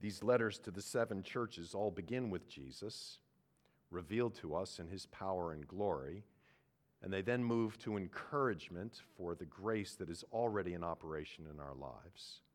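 A man preaching a sermon, earnest, moving from quiet reflection to loud, emphatic points. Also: sits low, normal speed. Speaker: pastor.

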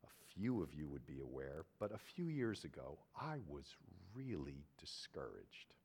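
A man preaching a sermon, earnest, moving from quiet reflection to loud, emphatic points. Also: a bass voice, wildly swooping pitch, unhurried, breathy edge. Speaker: pastor.

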